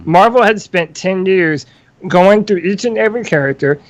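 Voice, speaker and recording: Man, high voice, podcast host, measured, thoughtful, dry close sound. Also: no room sound. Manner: measured, thoughtful, poses questions. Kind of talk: casual chat.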